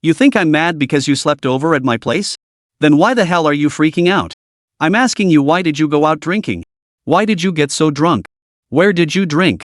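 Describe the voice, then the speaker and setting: A man voicing a hot-tempered young man from a storybook, blunt and demanding. His pitch sits a little high and swings widely, and the sound is close and dry. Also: animated, normal speed, no room sound, close to an everyday voice. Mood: angry.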